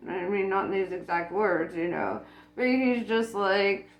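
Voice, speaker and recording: A woman's voice: mid-range voice, a little slow, muffled recording. A woman talking casually about spirituality, blunt and profane, laughing often. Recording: echoey room with faint music.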